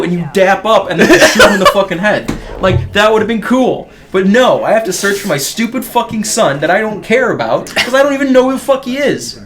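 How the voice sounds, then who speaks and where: A man's voice: sits high, brisk, hardly any pauses. A man in casual gaming chat, rambling and ranting with lots of swearing. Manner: profane, rambling, animated ranting. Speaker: podcast co-host.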